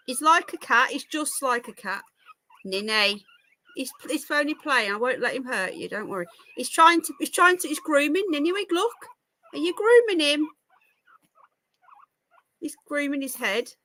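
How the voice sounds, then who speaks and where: Woman on a livestream, baby-talking her pets, high and swingy voice. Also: sing-song, a little slow, pauses often, sharp tone. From United Kingdom. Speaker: livestream host. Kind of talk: casual live-stream chat with pets.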